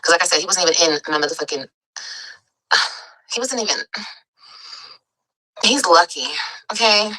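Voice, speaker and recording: A woman's voice: fairly low pitch, lively intonation, moderate pace, pauses often, pushed and bright, rough recording. A woman in a casual chat, telling her story with slang, cursing and laughing asides. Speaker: guest in a played clip.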